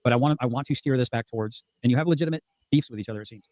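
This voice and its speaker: A man's voice: medium pitch, darkish tone, no echo. A man moderating a heated panel, politely trying to steer it back. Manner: fast, placating, repeats "respectfully".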